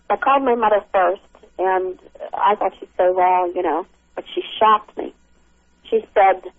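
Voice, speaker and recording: A middle-aged woman tells a frightening encounter over a tinny phone line, her voice gravelly and her speech halting, full of restarts. The line sounds dry and close. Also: mid-range voice, fairly even intonation, dry recording. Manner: halting, with many restarts and fillers. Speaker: caller recounting an encounter. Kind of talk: emotional first-person account.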